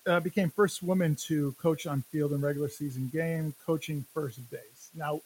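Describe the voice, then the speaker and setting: A man co-hosting a casual sports podcast, talking in animated, jokey rants and laughing often. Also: a little high, moderate pace, slight background noise, rough recording. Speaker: podcast co-host.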